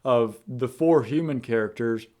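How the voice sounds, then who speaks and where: A man's voice: medium pitch, unhurried, dark tone. Rambling man reviewing a movie. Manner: rambling, hesitant, lots of fillers. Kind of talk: casual movie review chat.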